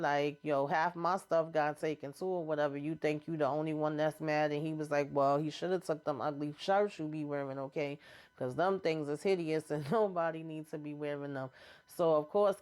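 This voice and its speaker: A woman with a low, smooth voice walks through a TV episode in a relaxed, chatty recap. She keeps slipping into the characters' lines as quoted dialogue, full of slang and asides. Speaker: TV episode recapper, channel host.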